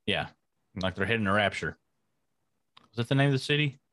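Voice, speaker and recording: Low-voiced man bantering on a podcast. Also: expressive, a little fast, fairly bright tone, no echo, studio quality. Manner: laughs easily, banters. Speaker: podcast co-host. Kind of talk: casual chat.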